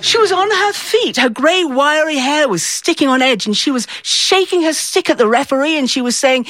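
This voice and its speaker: Lively, theatrical woman storyteller. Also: high voice, normal speed, hardly any pauses, dry recording. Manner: animated, theatrical, with playful voices. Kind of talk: performed personal storytelling.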